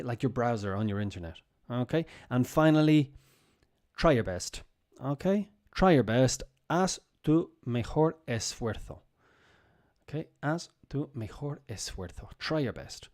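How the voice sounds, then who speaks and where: A man's voice: medium pitch, sing-song, moderate pace, darkish tone. A man hosting a casual livestream English lesson, patiently repeating words and phrases for learners in a loose, chatty way. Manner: loose and chatty, many fillers. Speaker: English teacher and stream host.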